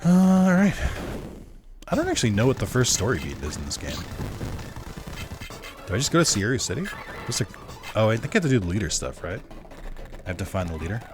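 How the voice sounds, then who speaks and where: Over music, a man's low-ish voice moves in a sing-song way at a quick pace, pausing often. Playing on a live stream, he rambles casually, chats with viewers, fills gaps with filler and frequently corrects himself.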